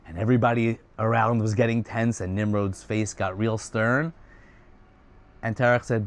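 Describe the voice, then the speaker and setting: A man retelling a religious story in a casual, chatty way, swinging between excited and hushed. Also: fairly low pitch, normal speed. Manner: animated, swings from loud excited to hushed soft; chatty asides.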